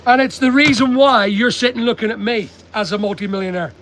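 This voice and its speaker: A man's voice: high-pitched, fairly quick, slight background noise, poor audio. An older man with a British accent, chatting bluntly on a livestream from his stock depot and reading out viewer comments. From United Kingdom. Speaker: online seller livestreaming. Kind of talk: casual livestream chat. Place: stock depot at a packing table.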